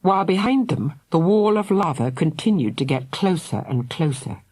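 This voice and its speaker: A woman narrating a children's audiobook in a dramatic, expressive way. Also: deep voice, normal speed, slightly rough. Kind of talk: scripted narration.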